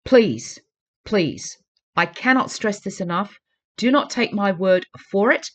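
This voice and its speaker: A woman talking straight to her viewers in a casual vlog. Her voice sits at an ordinary middle pitch. She sounds earnest and urging, and she keeps repeating her pleas to drive the point home. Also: lively intonation, slow, fairly bright tone. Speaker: vlogger. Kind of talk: casual talk to camera.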